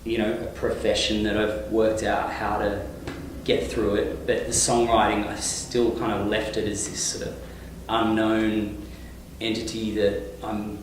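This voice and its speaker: A man with an Australian accent talks in a loose, rambling way, full of fillers and restarts. His voice sits a little low and sounds distant from the mic. A heavy echo and faint ambient noise surround him. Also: completely flat delivery, a little slow. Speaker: touring singer-songwriter, guest. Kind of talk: casual interview. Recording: echoey room, mic at a distance.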